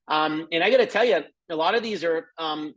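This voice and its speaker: A middle-aged man giving an excited, chatty sales presentation over a live screen share, with lots of asides to viewers. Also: on the high side, brisk. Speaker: presenter of a travel membership.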